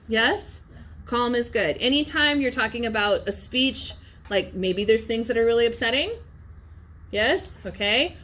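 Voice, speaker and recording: A woman's voice: on the high side, a bit bright. Chatty woman teaching a class. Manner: conversational, keeps checking in with "yes?" and "okay?". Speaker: Latin teacher. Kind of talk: classroom lecture with discussion.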